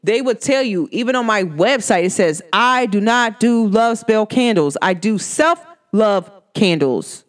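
A woman who reads energy and makes candles, talking bluntly and with animation in a casual podcast monologue. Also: a little high. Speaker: spiritual reader and candle maker.

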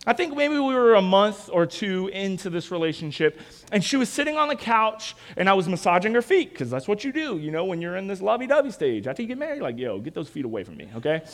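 A man's voice: sits high, fast. A young man preaching a sermon, telling stories and acting out quoted lines with animation. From Virginia, United States. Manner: animated storytelling, acts out quotes. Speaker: pastor.

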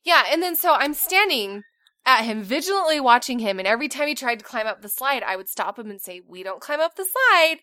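Lively high-voiced mom telling stories. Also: female voice, brisk, no echo, clean studio sound. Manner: animated storytelling, laughing often. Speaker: podcast co-host. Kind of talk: casual chat.

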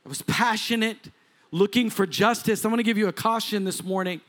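A man's voice: high-pitched, a little fast. A man in his forties preaching as a pastor, telling a personal story, acting out quoted voices with laughs along the way. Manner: animated, acts out quoted voices, laughs often. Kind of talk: sermon storytelling.

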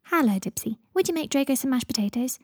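A woman voicing a bossy, sharp-tongued young witch, brisk and scolding. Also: sits high, lively intonation, no echo, studio quality, voice pushed up.

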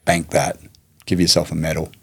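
A man with a low, gravelly voice, slightly husky, answers interview questions at length. He speaks in a measured, reflective way and brings his stories to life by acting out the lines of the people in them. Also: monotone, a bit bright. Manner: measured, reflective, acts out quoted speech. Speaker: guest, martial arts teacher and charity head.

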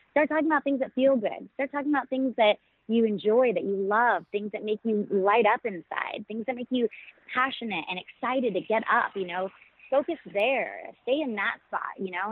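A woman's voice: a little high, husky, no room sound. A middle-aged woman, a podcast guest, talking enthusiastically and telling stories with laughs. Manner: enthusiastic, storytelling, warm laughter. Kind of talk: conversational interview. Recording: tinny phone-like line.

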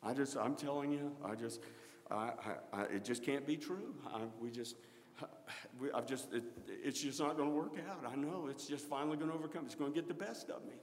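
A middle-aged man preaching a sermon, swinging between loud exclaiming and quiet storytelling. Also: medium pitch, a little fast, big-room sound, slight background noise.

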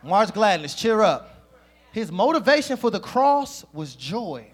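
A man preaching a sermon, talking lively and directly to the congregation. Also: high voice, unhurried.

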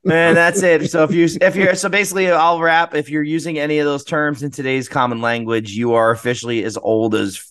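A man's voice: fairly high pitch, level tone, brisk, few pauses, fairly bright tone, clear, resonant tone, dry recording, studio quality. A man co-hosting a casual podcast chat, joking as he reads terms from a list. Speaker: podcast co-host.

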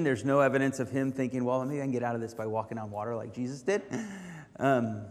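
A man preaching a sermon as pastor, reflective and halting with frequent ums, lifting his voice when reading scripture aloud. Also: mid-range voice, darkish tone. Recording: reverberant hall.

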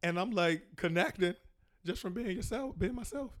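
Animated ranting comedian, fairly high voice. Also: male voice, normal speed. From Prince George's County, Maryland. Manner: animated ranting, slangy, mocking impressions. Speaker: comedian guest. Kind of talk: casual podcast chat.

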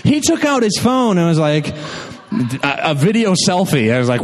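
A man's voice: high voice, big pitch swings, moderate pace, big-room sound. A man hosting a live storytelling night, cracking jokes and laughing through rambling stage banter.

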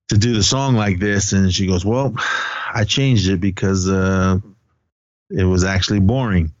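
A man's voice: deep voice, moderate pace, darkish tone, dry recording, lo-fi sound. A man co-hosting a podcast, casually retelling a film's scenes in a rambling way, acting out quoted lines. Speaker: podcast co-host. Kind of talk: casual movie recap chat.

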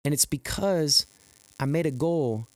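Slow-talking earnest man hosting a podcast. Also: animated, a little mellow, clean tone, dry recording. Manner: earnest, pumped-up, rambling with restarts; jumps high for quoted exclamations. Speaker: podcast host. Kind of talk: motivational podcast monologue.

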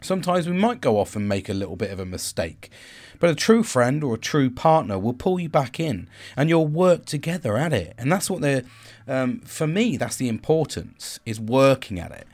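A man's voice: mid-range voice, big pitch swings, moderate pace, a little mellow, soft background music. Rambling man musing on self-reflection. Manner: rambling, with frequent restarts and asides. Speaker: host. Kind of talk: reflective monologue.

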